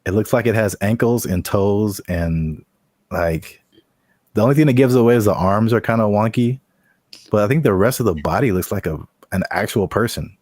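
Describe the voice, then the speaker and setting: A man's voice: lowish voice, moderate pace, a little mellow, no echo, clean studio sound. A man hosting a podcast, chatting casually in a teasing, upbeat way. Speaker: podcast host. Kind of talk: casual chat.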